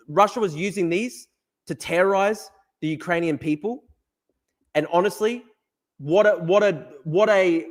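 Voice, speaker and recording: A man hosting a live-streamed news show who reacts to chat, swears hard and repeats himself for emphasis. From Australia. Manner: profane, emphatic, repeats himself, mocks in a high voice. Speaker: livestream news host.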